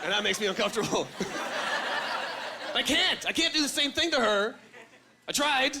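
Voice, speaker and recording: A man performing a stand-up comedy set on a club stage, animated and acting out the voices of other people. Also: very high voice, normal speed, very noisy. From Canada.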